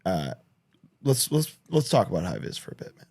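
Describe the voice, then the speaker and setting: A man co-hosting a podcast in casual chat, telling stories with lots of swearing and quick restarts. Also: low-pitched, creaky, breathy edge. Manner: animated storytelling, heavy swearing, frequent restarts. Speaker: podcast co-host.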